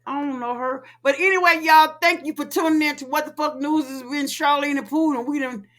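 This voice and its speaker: A woman co-hosts a casual podcast chat. Her voice sits fairly high, and she tells stories in an animated way, swearing and laughing often. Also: brisk. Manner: animated, laughing, profane storytelling. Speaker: podcast co-host.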